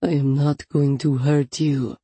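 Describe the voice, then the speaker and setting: A woman voicing a menacing male captor who speaks slowly and soothingly in a thick accent. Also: deep voice, little pitch movement, dark tone, slightly rough, dry recording, heavily acted. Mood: calm, menacing. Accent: thick foreign accent. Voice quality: slow, soothing, controlled.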